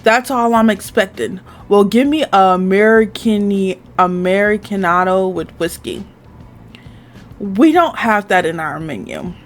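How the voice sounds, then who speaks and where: A woman voicing a gruff, flirty tall man who talks bluntly with a drawl and tries out an accent. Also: mid-range voice, unhurried, faint music behind, lightly acted. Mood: pushy.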